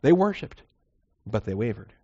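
A man's voice: on the low side, sing-song, moderate pace, mellow, slightly rough. A man teaching verse by verse through a Bible passage, conversational and digressive, correcting himself as he goes. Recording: dull lo-fi recording.

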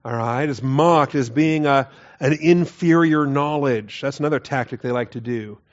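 A man teaching through Bible verses in an earnest, emphatic way, often dropping his voice low to stress a point. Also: normal speed. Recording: dull lo-fi recording.

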